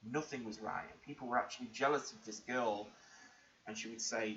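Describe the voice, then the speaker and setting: A man's voice: mid-range voice, brisk, fairly bright tone. A man vlogging, telling an emotional personal story in an earnest, rambling way with many restarts. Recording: muffled lo-fi recording with faint background hiss.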